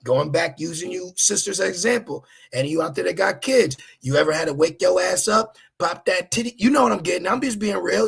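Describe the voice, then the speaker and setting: A man preaching a streetwise sermon, casual and profane, driving points home with a repeated "okay?" and jumping into high acted-out asides. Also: brisk, vocal fry, hardly any pauses, a bit bright, breathy edge. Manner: acts out voices in high pitched asides.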